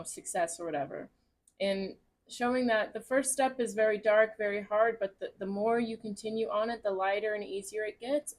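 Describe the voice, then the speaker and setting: Gushing, chatty woman tarot reader. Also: mid-range voice. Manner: gushing, chatty and encouraging, with casual swearing. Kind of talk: casual tarot reading to camera.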